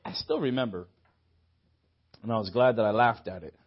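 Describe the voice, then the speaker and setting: A young man preaching a sermon, telling stories with lively acted-out dialogue and frequent laughter. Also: lowish voice, normal speed, muffled recording. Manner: lively storytelling, acts out dialogue, laughs often. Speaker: pastor. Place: church hall.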